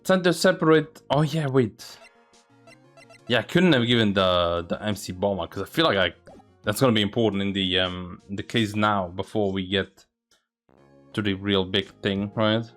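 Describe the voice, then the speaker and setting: A man's voice: lowish voice, moderate pace, a bit bright, soft background music. A man casually commenting while playing a story-driven video game. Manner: chatty and playful. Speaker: gaming video host.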